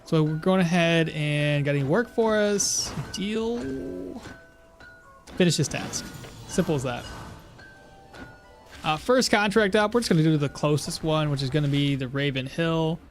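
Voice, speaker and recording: A man giving casual, rambling gameplay commentary, chatty and quick to laugh, at a home setup. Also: a little high, soft background music. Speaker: gaming streamer.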